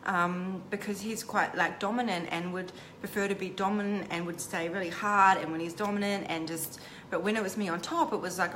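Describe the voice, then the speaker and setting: A woman coach telling a candid, heartfelt personal story to camera, often pausing with "um" and "like". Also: mid-range voice, steady tone, a bit bright, a little hiss or hum. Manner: halting, many "um" and "like" restarts. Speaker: intimacy coach.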